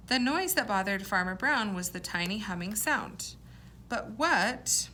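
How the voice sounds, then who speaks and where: A woman teacher reading a poem aloud to young children and explaining words in a clear, encouraging way. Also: medium pitch, sharp tone, a little hiss or hum.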